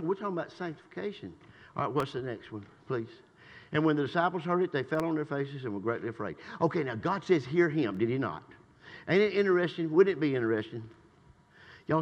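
An older man preaching a sermon in a church. He swings between shouted praise and low, conversational asides. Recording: long reverb in a church hall.

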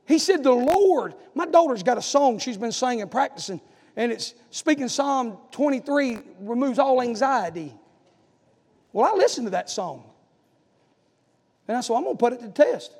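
A pastor preaching, his voice sitting very high for a man. He swells from quiet, slow phrases up to loud shouting. The sound rings with a long hall echo. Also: expressive. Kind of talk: sermon.

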